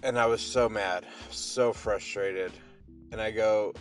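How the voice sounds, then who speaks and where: A man's voice: on the low side, steady tone, takes it slowly, faint music behind. Upbeat man hosting a morning podcast. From Pacific Northwest. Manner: upbeat, rambling, motivational. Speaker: podcast host. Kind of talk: casual morning podcast monologue.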